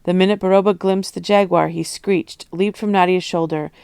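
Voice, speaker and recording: Gravelly, smooth-voiced woman reading a novel. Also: on the low side, steady tone, moderate pace, darkish tone, dry recording, clean studio sound. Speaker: audiobook reader. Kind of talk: storybook reading.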